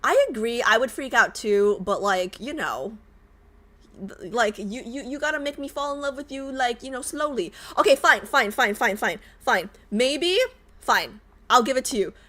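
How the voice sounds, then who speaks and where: A woman streaming a casual reaction chat with a fairly high voice. She talks in an animated, emphatic way, repeating words for stress. She swears freely. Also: moderate pace.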